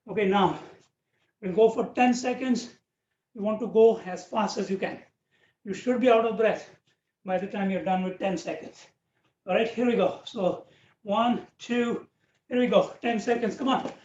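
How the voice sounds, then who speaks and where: High-voiced man coaching a workout. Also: moderate pace, long pauses, darkish tone. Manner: encouraging, counts out reps, frequent "okay" and "right". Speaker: fitness instructor. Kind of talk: live online workout class. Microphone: video call. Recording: dull, roomy, distant video-call audio with faint hiss.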